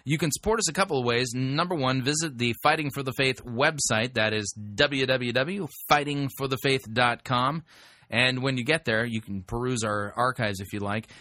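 Male radio host, bright forceful voice, dry close mic, conversational and emphatic with restarts. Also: mid-range voice, moderate pace, no echo. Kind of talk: talk radio commentary.

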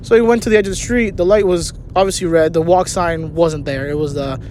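Sitting in his car with engine noise behind him, a vlogger tells a rambling, profane, joking story as a casual rant. His voice is a little high and mellow, steady in tone and fairly quick.

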